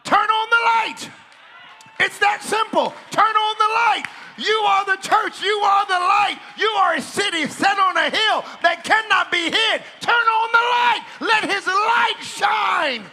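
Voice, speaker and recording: A man's voice: very high-pitched, unhurried, creaky, pushed and bright, shouting, slight background noise. A male preacher delivering a revival sermon in church, calling out and repeating phrases. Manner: calls out, repeats phrases, drops to casual aside. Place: church service with band.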